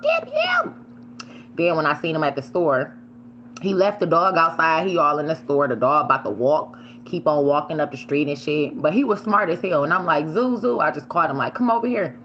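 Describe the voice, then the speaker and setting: A woman casually telling a story while she eats on camera, animated and swearing freely, sometimes shrieking the words she yelled. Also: sits low, highs cut off, slight background noise. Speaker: vlogger.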